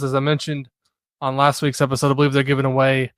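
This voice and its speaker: A man hosts a sports podcast in a casual, conversational way, often pausing on "uh". His voice is smooth and resonant. The recording is close and dry. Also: mid-range voice, monotone, dry recording. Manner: filler-heavy, conversational with frequent "uh". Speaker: podcast host.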